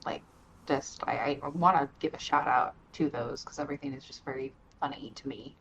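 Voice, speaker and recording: A tired woman chatting casually as a podcast guest, rambling excitably and swearing freely. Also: extremely low pitch, moderate pace, slight background noise. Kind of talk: casual chat. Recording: dull lo-fi mic.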